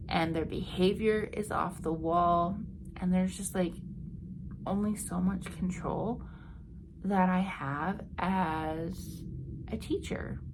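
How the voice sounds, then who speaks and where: A woman's voice: on the low side, noisy background. A woman in her twenties, a teacher, talking frankly to the camera in a personal vlog, tired and venting with lots of fillers. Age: 20s. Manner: frank, weary and venting, with frequent fillers and soft trailing words. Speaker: teacher vlogger.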